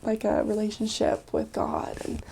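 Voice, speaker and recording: A woman doing a hushed, tearful teen mother. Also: medium pitch, wildly swooping pitch, gravelly, breathy edge, heavily acted. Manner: hushed, halting, soft-spoken. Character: tearful teenage young mother.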